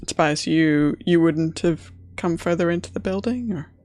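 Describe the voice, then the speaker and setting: A woman narrating as dungeon master in a relaxed, hesitant way with many pauses. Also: lowish voice, dry recording. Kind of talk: narrating a tabletop game.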